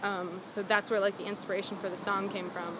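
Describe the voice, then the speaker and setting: A young woman, a singer-songwriter, telling her story in a casual interview, full of "like" and "um" and animated retellings. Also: mid-range voice, fairly quick, heavy background noise. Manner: rambling, lots of "like" and "um", animated retelling.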